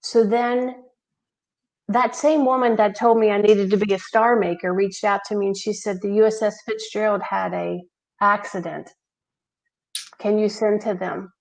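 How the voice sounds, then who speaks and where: Woman telling lively stories. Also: medium pitch, moderate pace, vocal fry, rough recording. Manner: animated anecdotes, acting out quoted dialogue. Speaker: charity founder, guest. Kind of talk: conversational storytelling interview.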